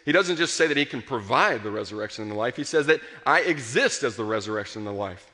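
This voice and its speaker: A man delivers a sermon in an earnest, passionate way, building up to strong emphasis and then falling quiet. His voice is bright and forceful. It rings with a long reverb, as in a large hall. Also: mid-range voice, expressive, quick pace, few pauses. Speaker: pastor.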